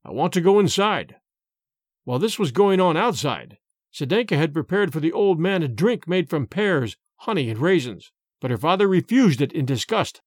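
A man narrating a story in a measured, expressive way. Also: fairly high pitch, no echo, clean studio sound. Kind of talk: storytelling reading.

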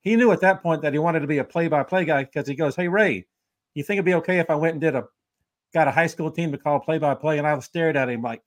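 Male co-host, slightly high voice, chatty and laughing. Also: quick pace, no room sound. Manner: chatty, laughs often, warm rambling questions. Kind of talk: casual interview chat.

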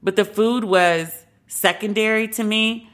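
A woman's voice: medium pitch, steady tone, unhurried. A woman hosting a podcast, giving her frank opinions in a casual, conversational way. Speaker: podcast host.

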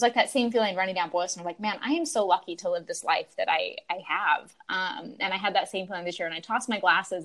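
A woman from Utah, a podcast guest, telling a race story in a lively, grateful way with lots of "like" fillers. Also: mid-range voice. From Utah, USA. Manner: animated, grateful, full of "like" and "um" fillers. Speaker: podcast guest, marathon runner. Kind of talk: conversational interview storytelling.

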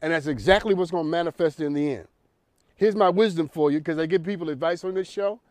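A man's voice: on the high side, fast talker, darkish tone, dry recording. A man hosting a talk show, delivering an emphatic, preachy monologue that repeats lines for effect.

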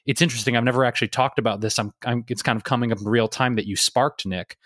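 A man's voice: medium pitch, fairly even intonation, quick pace, a bit bright, dry recording, studio quality. A man co-hosting a podcast, talking in a rambling, confessional way and swearing freely. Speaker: podcast co-host. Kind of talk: candid conversational chat.

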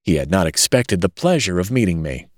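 A man reads a classic story aloud in a very deep voice, with lively, rising and falling intonation. The telling is dramatic and expressive. The recording is dry and close to the mic. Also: a little fast, no echo. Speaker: audiobook narrator. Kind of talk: scripted narration.

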